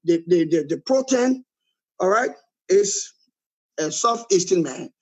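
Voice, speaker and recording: Emphatic Liberian man, husky voice. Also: high-pitched, animated, slow pace, lo-fi sound. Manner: emphatic, repeats "all right?" often. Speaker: political guest. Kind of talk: critical political commentary.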